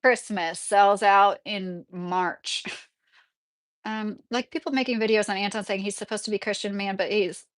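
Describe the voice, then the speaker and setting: Unhurried and fairly even in intonation, this medium-pitched woman's voice is captured in a dry recording. She's a livestream host from Kentucky in her thirties, casually chatting, reading viewer comments, rambling, and laughing a lot.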